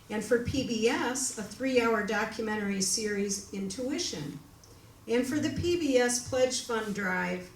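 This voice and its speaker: A woman's voice: mid-range voice, recorded from a distance. Woman host, formal read introduction, echoey room, faint hiss. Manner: formal, reads from a prepared text. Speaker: event host introducing the speaker.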